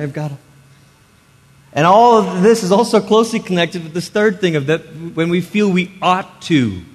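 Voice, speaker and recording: A man preaching a sermon in a conversational way, acting out little inner voices as he teaches. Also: on the high side. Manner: conversational, acts out inner voices with quick shifts in loudness. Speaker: pastor. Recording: long hall reverb.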